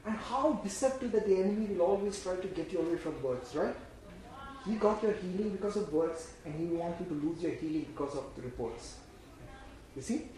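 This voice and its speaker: A man preaching a sermon in an emphatic, repetitive way, swinging between loud bursts and hushed lines, and leading the congregation in repeating phrases. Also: high-pitched, lively intonation, brisk. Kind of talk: sermon with call-and-response. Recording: very echoey room.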